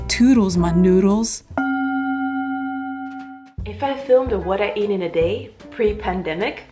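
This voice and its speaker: A woman's voice: medium pitch, warm tone. A woman narrating her food vlog at home in a chatty, playful way. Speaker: food vlogger.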